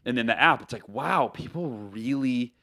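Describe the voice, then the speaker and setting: A man from the United States, an author, telling stories as a podcast guest in an animated way, with lots of fillers and restarts. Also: medium pitch, normal speed, gravelly. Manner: animated, loose talk with many fillers and self-corrections. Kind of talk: casual storytelling interview.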